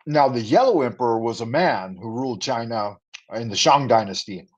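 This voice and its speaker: A man's voice: medium pitch, animated, moderate pace, husky. A man in the middle of his range, chatting loosely to viewers on a livestream and tossing in playful rhymes. His audio sounds a bit dull and lo-fi, like a home stream setup. He rambles casually between food ratings and side topics. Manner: playful, rhyming patter, chatty asides to viewers. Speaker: livestream host.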